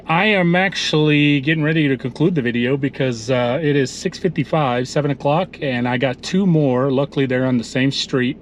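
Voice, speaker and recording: This lawn care vlogger chats with his audience from a yard, spinning stories and referring to viewers as ninjas in loose vlog narration. He has a mid-range voice, and a little hiss or hum runs under the recording.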